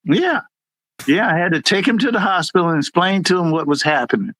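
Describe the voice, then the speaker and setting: A middle-aged man, a military veteran, tells stories in a casual, animated way. His voice jumps high whenever he acts out what someone said. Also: brisk, poor audio. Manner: animated, jumps high when acting out quotes. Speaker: veteran guest, former Air Force supervisor. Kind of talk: casual storytelling.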